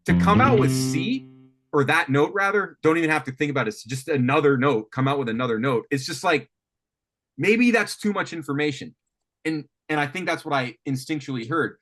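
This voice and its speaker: A man coaching a student on writing guitar riffs, thinking aloud with lots of restarts and animated talk. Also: on the high side, a little fast. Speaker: music coach. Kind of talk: teaching songwriting on a call. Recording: faint guitar music behind.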